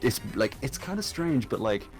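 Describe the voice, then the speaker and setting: A man's voice: medium pitch, big pitch swings, normal speed. A man chatting casually as a livestream guest with a sore throat, rambling with lots of fillers and swearing. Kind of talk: casual chat. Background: faint game music.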